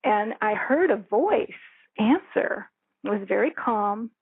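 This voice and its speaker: A woman's voice: medium pitch, lively intonation, takes it slowly, breathy edge, no room sound. A middle-aged woman, a radio host, telling her personal story in an earnest, reflective way with small laughs. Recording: thin phone-line audio, dry.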